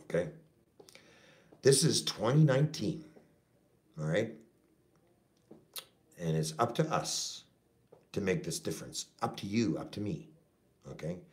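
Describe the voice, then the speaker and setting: A man's voice: low voice, big pitch swings, a little slow, pauses often. A middle-aged man from Canada, a trucker and activist, ranting to his viewers with heavy swearing and a repeated "okay?". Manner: profane, repetitive, keeps saying okay. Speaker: activist vlogger. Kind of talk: impassioned rant to camera.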